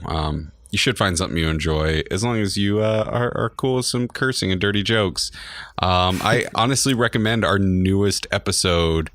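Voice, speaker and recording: Deep male podcast guest, easygoing rambler, dry sound. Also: a bit bright, no echo. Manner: laid-back, rambling with fillers and chuckles. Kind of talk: casual podcast chat.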